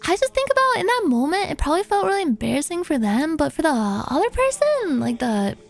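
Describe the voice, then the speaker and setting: Brief: woman streamer, high voice, playful and animated, casually swearing while reading viewer posts. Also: fairly quick, gravelly, faint music behind. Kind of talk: casual livestream chat, reading viewer submissions.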